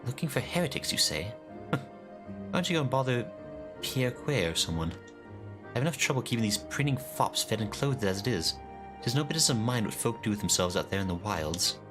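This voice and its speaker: A man voicing a blunt, gruff camp scout woman. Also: lowish voice, sing-song, over music. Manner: blunt, brisk.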